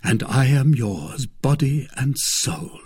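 A man voicing a young gallant swordsman in an audiobook, speaking in a calm, caressing, persuasive way. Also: medium pitch, slow, husky. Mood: tender.

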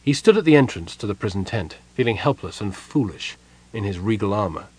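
A man narrating a fantasy audiobook in a steady, even storytelling voice. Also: lowish voice, a little fast, breathy edge, no echo. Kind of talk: scripted narration.

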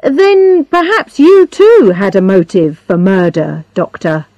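A woman voicing a calm, deliberate male police inspector who questions suspects in an audiobook reading. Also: medium pitch, dry recording, muffled recording.

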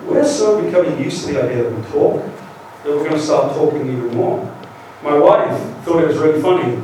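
A British man in his forties giving a lively, joking conference talk and acting out quotes as he goes. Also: on the high side, fairly quick, slight background noise. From Great Britain. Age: 40s. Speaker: guest lecturer. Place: large university lecture hall. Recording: echoey hall taped from far off.

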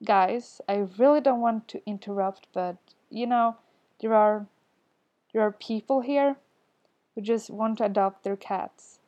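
A woman reads as a friendly young man cutting in with hesitant politeness, his voice slow and mellow. The podfic gives him a gentle, fumbling air. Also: a little high, muffled recording, close to an everyday voice. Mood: awkward. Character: awkward, good-natured young man. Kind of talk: podfic reading.

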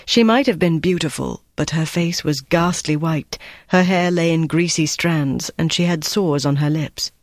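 Audiobook narrator reading a war thriller, steady and even, dry booth sound. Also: medium pitch, unhurried, dry recording. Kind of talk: scripted narration.

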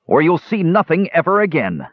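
A man's voice: on the high side, sing-song, moderate pace, dry recording, pitched above the performer's own voice. A man putting on a sly blustering dwarf. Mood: angry. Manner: stammering, sheepish. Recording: dull lo-fi recording.

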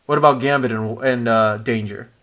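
A man chatting casually as a podcast co-host, his voice sitting at an ordinary middle pitch. He is animated, laughs a lot and breaks off mid-sentence to start over. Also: normal speed. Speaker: podcast co-host discussing comics. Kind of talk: casual chat.

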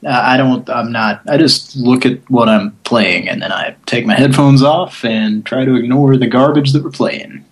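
A man's voice: mid-range voice, moderate pace, hardly any pauses, husky. A man co-hosting a comedic mock radio show, with dry, crude and sarcastic humor.

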